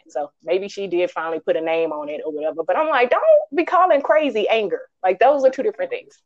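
A woman co-hosting a podcast, reviewing a film in casual chat, animated and ranting, acting out quotes in high voices. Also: fast talker, few pauses, lo-fi sound. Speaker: podcast co-host.

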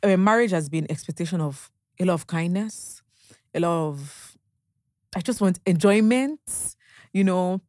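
In clean, dry studio sound, a young woman with a Nigerian accent guests on a podcast, casually sharing stories with animated delivery, voicing bits of conversation and frequently laughing. Her voice is on the low side, darkish in tone, and a little slow.

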